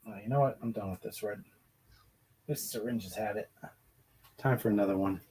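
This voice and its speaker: A man's voice: on the low side, normal speed, mellow, a little hiss or hum. A man hosting a casual painting livestream, chatting in a rambling way and greeting viewers by name. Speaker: livestream host painting miniatures.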